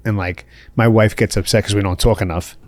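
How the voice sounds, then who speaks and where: A man's voice: on the low side, fairly even intonation, a little fast, a little mellow, no echo. A middle-aged man from the Bronx, chatting candidly as a podcast guest, laughing often and saying "you know" a lot. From the Bronx, New York. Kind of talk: casual interview chat.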